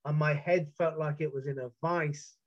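A British man telling a first-person account of a past ordeal, intense and halting, with frequent restarts. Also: fairly high pitch, steady tone. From Britain. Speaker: storyteller. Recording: muffled lo-fi recording.

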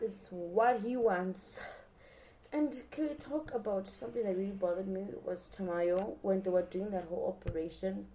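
A woman talking casually as a podcast host, chatty and expressive, often addressing her listeners directly. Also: mid-range voice. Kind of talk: casual show recap chat.

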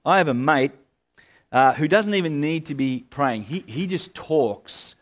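A man's voice: a little high, expressive, a little slow. Chatty man preaching. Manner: conversational, with fillers and restarts. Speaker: pastor. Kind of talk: sermon.

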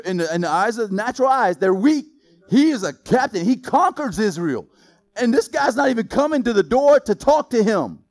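A man preaching a sermon in a lively, joking way, quizzing the congregation with questions. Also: high-pitched. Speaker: pastor.

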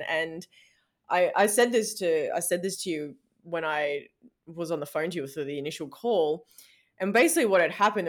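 A woman podcast guest who coaches shadow work coaches, talking candidly in a casual interview, with plenty of "like" and the odd swear word. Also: fairly low pitch.

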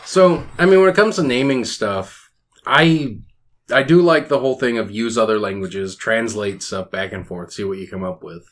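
A man's voice: on the low side, normal speed, fairly bright tone. Laid-back man with dry humor. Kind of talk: casual chat.

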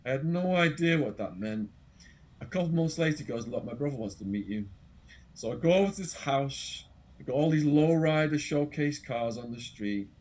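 A man with an English accent, an interview guest telling an animated, dramatic anecdote full of quoted voices. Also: a little high, moderate pace. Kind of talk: storytelling anecdote.

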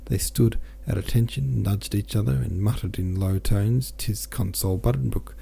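A man hosting a book podcast reads a novel aloud in a low, dark voice with a strong gravelly fry. His delivery is plain, with the odd stumble. He closes with a relaxed, casual sign-off. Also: normal speed. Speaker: podcast host and audiobook reader.

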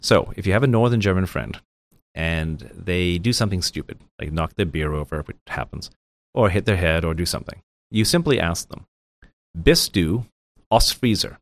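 A man with a very low voice talks as a guest on a show. He drifts into jokey anecdotes and often restarts his sentences. The sound is close and dry, with no room around it. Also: fairly quick, creaky, no room sound. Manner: chatty storyteller, joking anecdotes with restarts. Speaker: guest, financial professional with clients. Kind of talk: casual interview chat.

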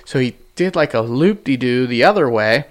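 A man co-hosting a podcast, recounting a hunt in relaxed, plain casual chat. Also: mid-range voice, normal speed. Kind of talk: casual hunting story chat. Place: studio.

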